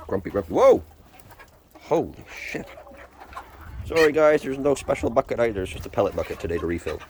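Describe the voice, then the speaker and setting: A homesteader vlogger does farm chores outdoors in a muddy chicken yard, playfully chatting to his birds in a high sing-song voice. The noisy farmyard recording is full of clucking chickens and other birds.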